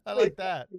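Man, podcast host, high voice, very animated, chatty interjections, swears. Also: gravelly. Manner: chatty, profane, quick interjections. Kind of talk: casual interview banter.

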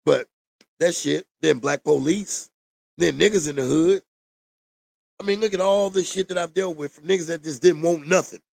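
A man's voice: fairly high pitch, normal speed, creaky, a little mellow, dry recording. A man ranting to the camera in a blunt, profane, preachy monologue. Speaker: vlogger. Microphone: camera mic.

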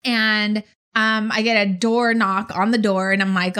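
A woman co-hosting a casual chat, retelling a story in an animated, emphatic way with blunt swearing. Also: mid-range voice, unhurried, smooth. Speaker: podcast co-host.

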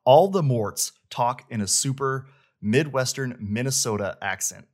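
A man's voice: medium pitch, unhurried, darkish tone. A man hosting a casual chat, rambling enthusiastically about a video game. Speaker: host, game reviewer.

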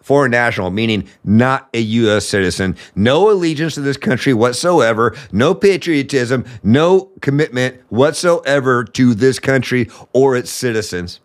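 An American man hosts a political commentary podcast, ranting angrily with plenty of profanity. His voice is medium-pitched with lively intonation, at normal speed and with few pauses.

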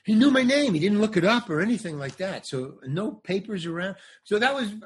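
A man's voice: high voice, brisk, slightly rough. An older man, a comedian and actor, telling a show business anecdote as a podcast guest, acting out the voices of others. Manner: animated, acts out other voices. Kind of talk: storytelling anecdote in a podcast interview.

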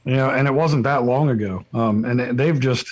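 A man co-hosting a podcast in casual chat. He speaks earnestly, with halting phrases and many fillers. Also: mid-range voice, no room sound. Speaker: podcast co-host.

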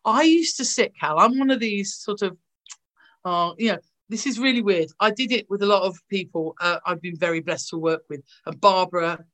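A woman's voice: mid-range voice, moderate pace, fairly bright tone. A woman, an actress, telling gushing anecdotes in a casual interview over a video call. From England. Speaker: actress guest.

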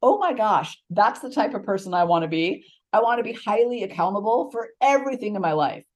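A woman's voice: medium pitch, lively intonation, quick pace. A woman hosting a podcast, giving a motivational talk in a conversational storytelling way with asides. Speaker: podcast host.

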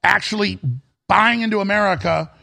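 A man's voice: high voice, normal speed, pushed and bright. A middle-aged man hosting a talk radio show, telling rambling stories in an emphatic manner. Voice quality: gravelly, raspy.

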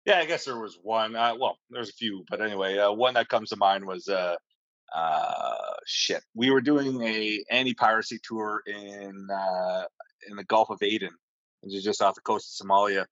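A man with a lowish voice tells navy stories in a loose, rambling way, peppered with swearing and lots of "uh"s and restarts. The sound is dry and a bit dull, like a lo-fi recording. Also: moderate pace, fairly bright tone, no room sound. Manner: rambling, profane, many fillers and restarts. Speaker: podcast guest, navy sailor. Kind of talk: casual storytelling.

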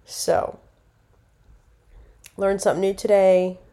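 Chatty woman with a mellow voice. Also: mid-range voice, monotone, slow, clear, resonant tone. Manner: rambling, chatty, self-correcting. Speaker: podcast host. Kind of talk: casual solo podcast talk.

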